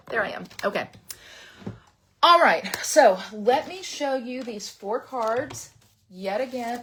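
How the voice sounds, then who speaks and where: A woman's voice: a little high, a little slow, slight background noise. A middle-aged woman teaching a live card-making class by webcam, chatty and rambling, sometimes dropping to a whisper. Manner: chatty and rambling, drops to a whisper when excited. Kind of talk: live online crafting class. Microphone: webcam at a craft desk.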